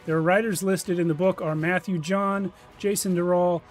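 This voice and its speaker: A man's voice: high-pitched, fairly even intonation, moderate pace, faint music behind. A man narrating a tabletop game as game master, with loose, rambling delivery.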